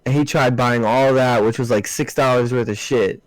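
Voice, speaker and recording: A young man co-hosting a podcast, telling stories in relaxed, slangy casual chat with swearing. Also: medium pitch, normal speed, no echo, rough recording. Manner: laid-back storyteller, slangy, swears. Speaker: podcast co-host.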